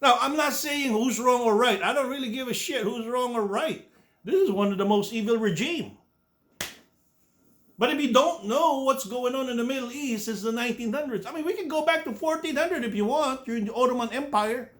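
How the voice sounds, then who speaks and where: A man's voice: extremely high pitch, a little fast, a bit bright. A man in his sixties ranting bluntly to his YouTube viewers, swearing freely, repeating and restarting his words. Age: 60s. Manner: blunt, profane, repetitive restarts. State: coughing. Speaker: YouTube commentator. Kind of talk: ranting opinion monologue.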